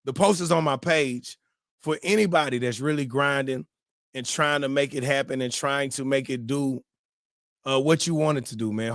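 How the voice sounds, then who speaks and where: A man hosting a morning live-stream show, giving casual, preachy advice in slangy talk that turns loud and animated, often repeating words. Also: mid-range voice, no room sound, clean studio sound. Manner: slangy and conversational, repeats words when fired up.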